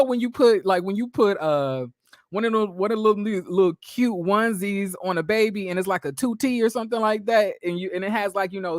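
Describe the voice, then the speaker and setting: A man's voice: sits high, no room sound, clean studio sound. A man giving a casual, blunt recap of a reality TV episode, full of slang and restarts. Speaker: recap vlogger.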